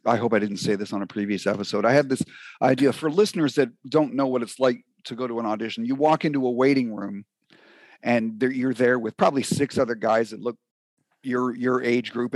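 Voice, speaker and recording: A man who acts, co-hosting a podcast, telling a story in a lively, joking way. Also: medium pitch, dry recording. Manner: animated storyteller, laughs often. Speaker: podcast co-host, actor. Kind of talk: casual chat.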